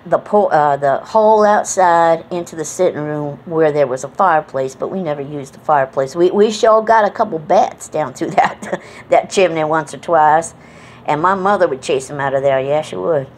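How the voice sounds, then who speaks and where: A woman's voice: deep voice, normal speed, slight background noise. A middle-aged woman from New England with an accent mixing Southern and Northern American, rambling in a folksy, casual way with many fillers. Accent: mixed Southern and New England American. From New England, United States. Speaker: vlogger. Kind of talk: casual reminiscing monologue.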